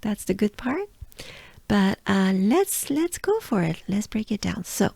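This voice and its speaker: A French-accented woman from France giving a pronunciation lesson, drawing out and repeating sounds slowly. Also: medium pitch, sing-song, gravelly, a little mellow, dry recording. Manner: slow, drawn-out repetition of sounds. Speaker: pronunciation coach.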